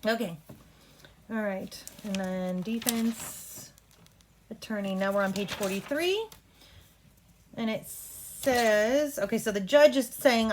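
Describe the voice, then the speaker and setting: A woman runs a play rehearsal, walking an actor through cues and line readings in a brisk, instructive way. Her voice sits at a middling pitch. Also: a little hiss or hum. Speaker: drama coach. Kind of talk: rehearsal coaching.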